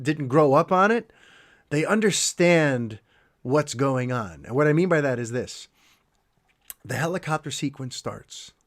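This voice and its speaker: A middle-aged man with a fairly high voice hosts a podcast, telling a heartfelt story with plenty of feeling. He talks in an animated way and breaks off into quick asides. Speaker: podcast host. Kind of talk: casual podcast monologue.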